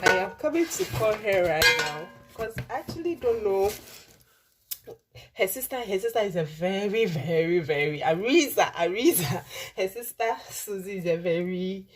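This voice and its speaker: A woman vlogger doing a casual unboxing for her cooking channel, gushing and exclamatory and repeating herself in excitement. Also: lowish voice, a little hiss or hum.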